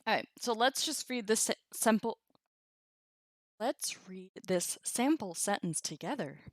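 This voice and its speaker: Woman doing a laid-back stream lesson, unhurried, close dry sound, laughs a lot and talks back to chat. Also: mid-range voice, lively intonation, no echo. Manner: chatty, laughs often, reacts to chat comments. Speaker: Latin teacher on a live stream. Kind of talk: casual live-stream lesson.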